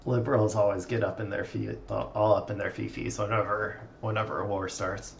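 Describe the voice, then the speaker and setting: Male co-commentator, low fry-heavy voice, sarcastic, laid-back. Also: level tone, brisk, slight background noise. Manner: dry, sarcastic jokes, laughs a lot. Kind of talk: casual reaction chat.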